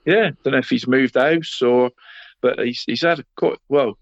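A man's voice: medium pitch, unhurried, no echo. A man running through local football results in casual radio chat, adding "mate" to nearly every phrase. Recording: slightly muffled, dry studio sound.

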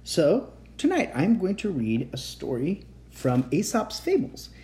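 A man hosting his own bedtime story show and reading a fable aloud. His voice is mellow and unhurried. He swings his pitch widely to bring the tale to life. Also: gravelly. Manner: expressive, gentle read-aloud.

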